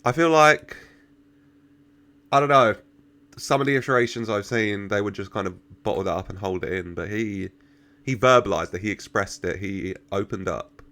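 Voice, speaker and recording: A man's voice: lowish voice, normal speed, sharp tone. A man giving casual reaction commentary, chatting, laughing often and talking back to the characters on screen. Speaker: reaction video host.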